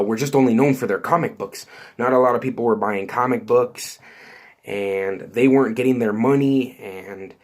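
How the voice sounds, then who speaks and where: Excitable man rambling to the camera. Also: medium pitch. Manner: excitable, rambling, many fillers and restarts. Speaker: YouTube host. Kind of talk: excited casual vlog commentary.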